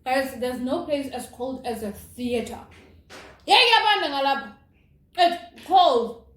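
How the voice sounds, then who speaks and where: A young woman telling a personal story in a casual, animated, dramatic way, as a vlogger. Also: high voice, takes it slowly. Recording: roomy with faint noise.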